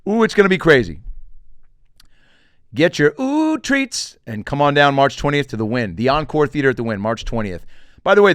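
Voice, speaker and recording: A man's voice: mid-range voice, no room sound, clean studio sound. A middle-aged man hosting a comedy podcast, telling stories in a loose, joking way and swearing casually. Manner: animated, joking, swearing, does quick voices for quotes. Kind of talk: casual solo podcast monologue.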